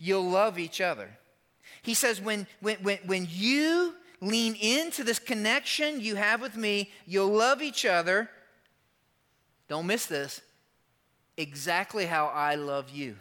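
A man delivers an animated sermon in a high, bright voice. He stresses his points hard and breaks into quick asides. A long hall reverb trails each phrase. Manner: emphatic, animated preaching with quoted lines and asides. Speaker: pastor.

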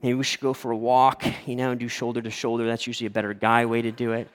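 A man in his forties, a pastor telling a story in a sermon with lively acted-out voices. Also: mid-range voice, quick pace, clean tone. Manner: animated storytelling, acting out quoted voices. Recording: long hall reverb.

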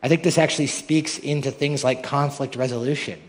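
A man's voice: mid-range voice, fairly even intonation, fairly quick. A male pastor preaching a sermon with rhetorical questions that build to emphatic peaks. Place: large church hall. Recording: long hall reverb.

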